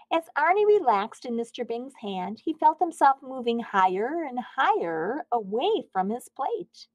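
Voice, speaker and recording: A woman reads a children's picture book aloud in a fairly high voice, her pitch rising and falling freely. She is close to the mic and the sound is dry, with no room around it. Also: measured pace, hardly any pauses, no echo, lo-fi sound. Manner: expressive, animated. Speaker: school reader.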